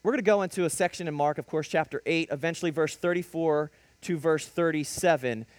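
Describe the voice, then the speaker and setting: A male preacher delivering a lively sermon, telling stories and rising to sudden emphatic bursts. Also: fairly high pitch, brisk, no room sound. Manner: animated preaching with storytelling and sudden emphatic rises.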